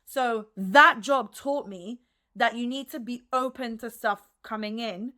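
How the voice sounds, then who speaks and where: Upbeat french-born woman rambling happily as a podcast guest, kinda high voice. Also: measured pace, sharp tone. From France. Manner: chatty, upbeat, lots of "like". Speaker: dancer and teacher, podcast guest. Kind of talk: casual interview answers.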